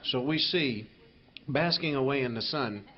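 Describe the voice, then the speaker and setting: A man telling stand-up stories live in a rambling, animated way, full of "you know". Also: medium pitch, measured pace. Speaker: stand-up comedian. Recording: dull live album with crowd laughter. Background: audience laughter.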